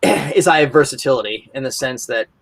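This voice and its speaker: A man talks as a guest on a casual podcast, spinning long anecdotes. He stumbles and restarts, then jumps into lively impressions of the people in his stories. His pitch sits in the middle range. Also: a little fast, gravelly, husky. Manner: animated storyteller who acts out quoted voices. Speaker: podcast guest, convention moderator.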